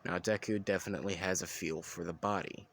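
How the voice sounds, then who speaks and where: A man's voice: low voice, fairly even intonation, fairly quick, creaky, a little hiss or hum. A man telling an improvised fan story in a casual, rambling way, with restarts and side remarks.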